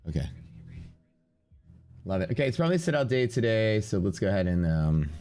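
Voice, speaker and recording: A young man with a deep, low voice and a stuffy, sniffly nose talks offhandedly through a live trading stream. He mutters numbers to himself as he works, then turns to chat with viewers in a relaxed, casual way. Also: brisk. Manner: offhand, thinking aloud while reading out numbers. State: congested with sniffles. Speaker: live-stream day trader.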